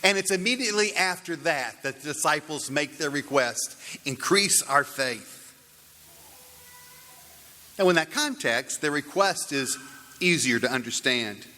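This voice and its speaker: A man delivering a sermon in a church, his bright, fairly high voice carrying a long reverb through the hall. He speaks slowly and deliberately, shaping each phrase like a storyteller. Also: lively intonation. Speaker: pastor.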